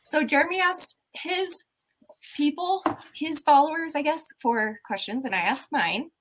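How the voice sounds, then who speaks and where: Woman hosting a chatty podcast, fairly high voice, super expressive, exclaims a lot. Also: a little slow. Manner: animated, exclamatory. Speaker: podcast host. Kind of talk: casual chat.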